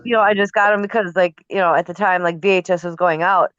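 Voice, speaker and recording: A man's voice: high voice, steady tone, a bit bright, clean tone, no echo. A man chatting loosely, with constant swearing, rambling and restarting his sentences. The sound is dry and close. The stream audio is muffled. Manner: profane, rambling, halting. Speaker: live stream participant. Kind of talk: casual chat.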